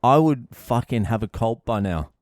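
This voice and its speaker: A man's voice: medium pitch, animated, moderate pace, a little mellow, dry recording. A man with an Australian accent hosting a podcast, giving brash, profane comedic advice into a close mic. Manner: brash, sweary, rowdy.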